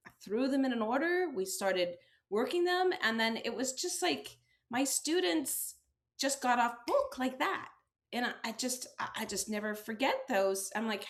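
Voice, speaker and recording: A woman's voice: fairly high pitch, a bit bright. A woman, an acting teacher and author, telling her story as an interview guest and acting out quoted exchanges with a laugh.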